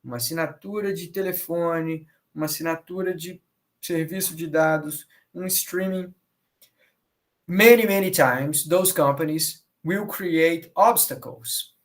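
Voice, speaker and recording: High-voiced Brazilian man lecturing. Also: a little slow. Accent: Brazilian Portuguese. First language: Portuguese. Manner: switches between English and Portuguese, acts out quoted dialogue. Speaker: professor lecturing. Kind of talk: bilingual lecture with anecdotes.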